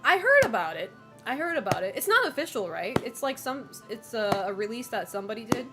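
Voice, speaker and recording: A woman's voice: a little high, very animated, brisk, loud music behind the voice. A woman streamer chatting casually and rambling, swearing freely and greeting viewers. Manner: rambling, swearing, laughs often. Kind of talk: casual chat while streaming.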